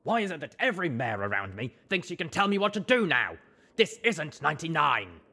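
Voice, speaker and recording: Brief: male reader as a tearful young stallion, voice shaking and breaking, pitched high above his own, fan audiobook. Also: sing-song, a little fast, bright, forceful tone, exaggerated voice. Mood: cross. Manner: trembling, cracking, sobbing. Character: young male pony, traumized, tearful, defensive. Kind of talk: audiobook character reading.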